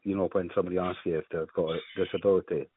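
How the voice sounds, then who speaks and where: A man's voice: deep voice, level tone, very fast, breathy edge, dry recording. A man from Scotland, a claimant, chatting casually and jokingly on a phone call, self-deprecating and swearing freely. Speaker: caller, claimant. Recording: tinny dry phone line.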